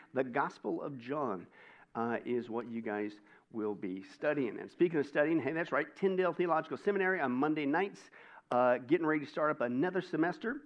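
Upbeat joking male pastor, muffled sound. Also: a little high. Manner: jokey, upbeat, asks and answers his own questions. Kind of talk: church announcements.

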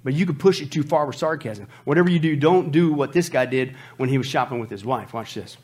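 A man preaching a sermon as pastor, lively and joking, repeating phrases for emphasis. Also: medium pitch, fast.

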